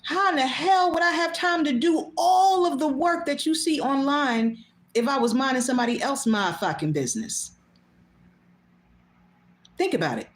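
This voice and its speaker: A woman hosting her own show, talking bluntly and casually, swearing freely and laughing often. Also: high-pitched. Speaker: host. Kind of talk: casual monologue. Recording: echoey room.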